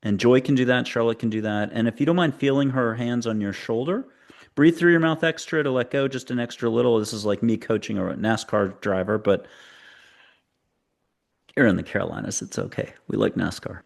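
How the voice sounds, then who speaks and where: A male host guiding a guest and his listeners through a visualization in a steady, instructive coaching manner. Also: medium pitch, fairly quick, creaky.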